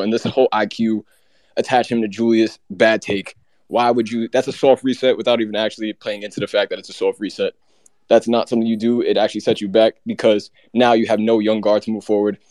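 Fast-talking low-voiced man ranting. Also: fairly even intonation, a little mellow, no echo. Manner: rapid, heated, run-on ranting. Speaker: co-host. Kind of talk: casual sports rant.

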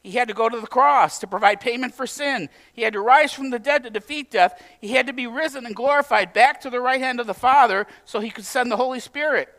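High-voiced pastor preaching conversationally. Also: male voice, brisk, hardly any pauses, fairly bright tone. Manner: conversational, humorous preaching with direct questions to the congregation. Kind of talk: sermon.

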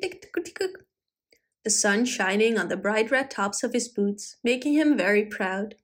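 A woman reading a children's storybook aloud in an expressive, animated manner. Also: fairly high pitch.

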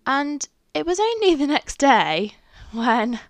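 A woman's voice: sits high, very animated, slow pace, dry recording. A young woman with an English accent, telling a personal story in a casual, chatty way and swearing freely. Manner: chatty, swears freely, acts out her own reactions. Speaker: podcast host.

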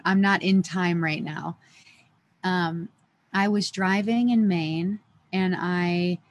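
A woman who is a podcast guest, earnestly telling an emotional personal story and acting out the dialogue as she goes. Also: on the low side. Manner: earnest, lively retelling with quoted dialogue.

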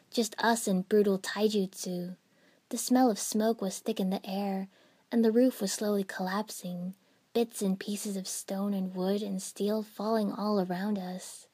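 Woman reading fan fiction out loud, slow steady pace, mid pitch. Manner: slow, even storytelling. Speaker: narrator. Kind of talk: first-person fan fiction narration.

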